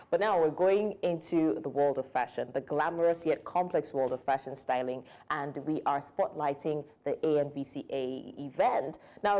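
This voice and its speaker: Woman talk-show host, low dark tone, chatty, laughs easily. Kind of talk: studio talk show hosting. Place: TV studio.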